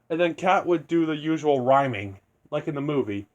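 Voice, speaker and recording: Young man, fairly high voice, casual fan storytelling, rambling, unscripted, lots of restarts. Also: normal speed, hardly any pauses. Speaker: video creator.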